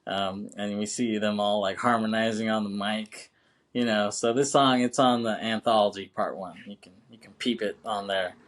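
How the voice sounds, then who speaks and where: A man's voice: fairly low pitch, steady tone, normal speed, a bit bright. A man co-hosting a film podcast, chatting casually, laughing often, swearing freely and saying "you know what I'm saying" a lot. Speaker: podcast co-host.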